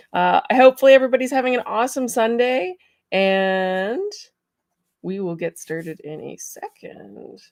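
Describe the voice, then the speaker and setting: A woman's voice: medium pitch, vocal fry, no room sound, studio quality. A woman hosting a casual livestream, chatting, laughing and greeting viewers by name. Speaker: livestream host.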